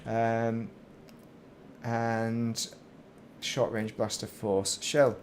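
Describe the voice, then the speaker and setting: A man's voice: mid-range voice, little pitch movement, drawn-out words, a little hiss or hum. A man casually commentating while he plays a space game, rambling and breaking off mid-sentence. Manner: rambling, self-interrupting, chatty. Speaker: game streamer.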